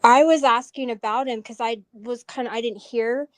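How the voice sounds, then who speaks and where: A woman's voice: on the high side, steady tone, moderate pace, dry recording. Emphatic woman, dry close sound. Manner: disgusted, emphatic. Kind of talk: casual chat.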